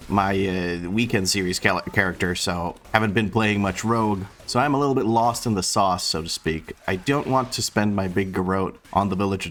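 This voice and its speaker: A young man giving casual gameplay commentary, tired and low on energy, rambling and often searching for the right word with a self-deprecating humor. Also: a little hiss or hum. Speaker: gaming YouTuber.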